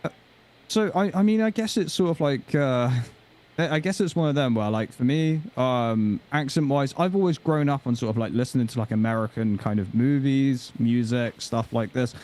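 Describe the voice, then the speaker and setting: A man's voice: medium pitch, moderate pace, darkish tone. A man from Dorset, England, chatting as a guest on a video call, hesitant with many fillers. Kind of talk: casual chat.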